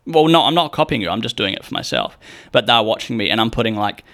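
Low-leaning and fast, a young man's voice carries a loose, rambling string of stories. He swears without restraint and acts out everyone he quotes with lively voices.

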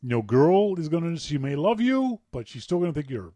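A man's voice: a little high, moderate pace, dry recording. A man co-hosting a podcast, telling stories in a playful, laughing way. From Canada. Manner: animated, playful storyteller who laughs at his own tales. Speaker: podcast co-host. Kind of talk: casual storytelling chat.

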